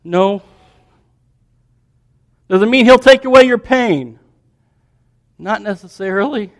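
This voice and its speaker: A male preacher delivering a sermon with a fairly high voice. He stacks questions one after another and swings between energetic storytelling and soft, hushed lines. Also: takes it slowly.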